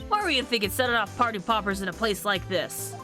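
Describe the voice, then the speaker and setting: A woman putting on a loud Southern drawl. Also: medium pitch, expressive, quick pace, over music, lightly acted. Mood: brash. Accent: American Southern. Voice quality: exaggerated drawl. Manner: blustery, scolding. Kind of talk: reading game dialogue aloud.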